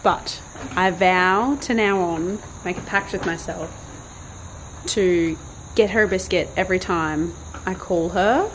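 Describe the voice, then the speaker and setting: A woman chatting casually outdoors in a backyard, vlogging while training her dog and calling to it in a high sing-song voice. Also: slow pace, a little hiss or hum, poor audio. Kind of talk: casual vlog chat.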